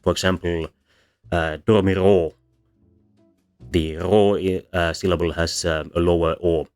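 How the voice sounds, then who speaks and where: A man with a very low voice gives a livestreamed lecture on vowel sounds, explaining patiently and often pausing on um and uh. Now and then he sounds out vowels as examples. Soft background music plays faintly beneath his voice. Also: flat delivery, clear, resonant tone. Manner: explains patiently with many ums and uhs, demonstrates vowel sounds. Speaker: VTuber linguistics presenter.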